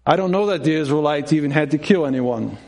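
A middle-aged man preaching a sermon, his voice sitting a little high. He tells stories and acts out the people in them, breaking off into self-questioning asides. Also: fast talker, gravelly, a little mellow.

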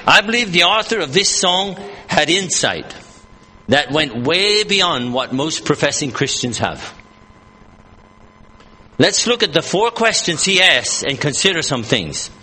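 A male preacher with a high, bright, sharp voice that swings widely in pitch, delivering an earnest, emphatic sermon. He repeats and rephrases his points as he reads scripture, heard with a long echo from a church hall. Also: big pitch swings, a little slow, slightly rough. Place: church service.

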